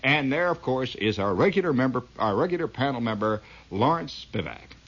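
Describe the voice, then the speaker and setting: A man's voice: mid-range voice, animated, fairly quick, fairly bright tone. A man telling a rambling comic story, laughing at it as he goes. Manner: rambling, laughing at his own tale. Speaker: comedian. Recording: dull lo-fi old recording.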